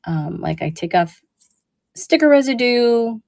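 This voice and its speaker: A woman's voice: a little high, lively intonation, unhurried, gravelly, darkish tone, no echo. A woman hosting a casual live selling show, chatting with lots of fillers and friendly asides as she shows vintage jewelry. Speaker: online vintage jewelry seller.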